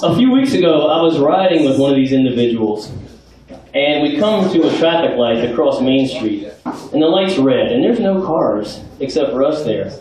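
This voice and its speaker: A young man doing stand-up comedy in a bar, building each joke with deliberate pauses before the punchline. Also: medium pitch, lively intonation, a little mellow. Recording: echoey bar, far mic, noisy.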